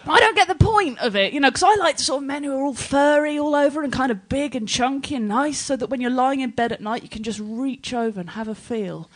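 An English woman performing a bawdy stand-up set to a live audience, laughing often between punchlines. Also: high-pitched. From England. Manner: brash, bawdy, quick punchlines with frequent laughs. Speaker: stand-up comedian. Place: live comedy stage with an audience.

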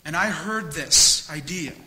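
A man's voice: fairly high pitch, unhurried, sharp tone, low-quality recording. A man preaching a sermon as pastor, earnest and candid, repeating phrases for emphasis. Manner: candid, self-disclosing.

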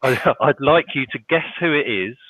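A man in his forties co-hosting a podcast, chatty and quick to laugh. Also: medium pitch, animated, sharp tone, no room sound. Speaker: podcast co-host. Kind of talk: casual chat. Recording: tinny dry phone-line sound.

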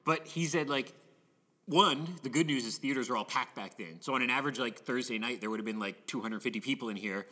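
A Canadian man tells a rambling story in a bright, forceful voice, full of restarts and quick acted-out lines. The room rings with a long reverb. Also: mid-range voice. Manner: animated, lots of restarts and acted quotes. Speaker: cinema staff storyteller. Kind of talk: casual storytelling chat.

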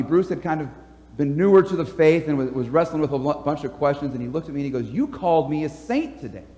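High-voiced male pastor in a reverberant church. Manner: conversational preaching with fillers. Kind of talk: sermon. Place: church sanctuary.

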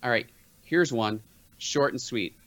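A man's voice: mid-range voice, a little slow, fairly bright tone. A man hosting a casual movie quote guessing game, reading quotes in playful put-on voices. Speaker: quiz host.

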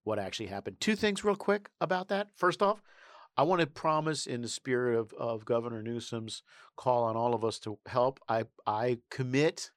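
A man co-hosting a casual political chat, wry and mocking, with many pauses and ums. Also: medium pitch, no echo, clean studio sound. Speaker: podcast co-host.

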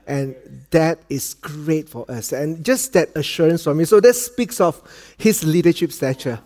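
His voice a little high, a little slow and a little mellow, a guest pastor with a Malaysian accent begins his sermon chattily, cracking jokes and often adding "okay?". The church auditorium recording has long hall reverb.

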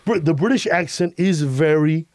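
Animated, emphatic male comedian. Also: on the high side, normal speed, dry recording, clean studio sound. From Chicago. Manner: animated, emphatic, profane storytelling. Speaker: guest comedian. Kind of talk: podcast conversation.

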